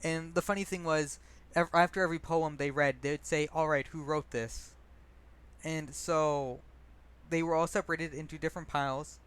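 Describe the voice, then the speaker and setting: A man's voice: on the high side, fairly even intonation, moderate pace, a bit bright, clear, resonant tone. A young man casually telling stories and reading his own poetry, rambling and self-deprecating, with many fillers and restarts.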